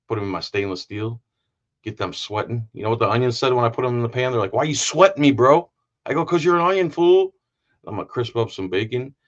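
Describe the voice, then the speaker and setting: Signing off a live stream, a male host rambles along and cracks jokes, his talk stuffed with fillers. His voice is on the low side, and the recording sounds muffled.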